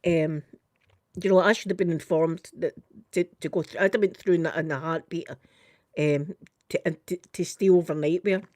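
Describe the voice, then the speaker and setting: An older woman with a Scottish accent tells a story in a casual chat. She is animated and keeps saying "I says" as she retells a conversation. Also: fairly low pitch, moderate pace, no echo, studio quality. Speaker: vlogger.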